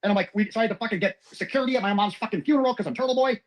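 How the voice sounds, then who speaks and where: A man telling a personal story at a rapid clip, rambling, profane and emotional. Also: high voice, rough recording.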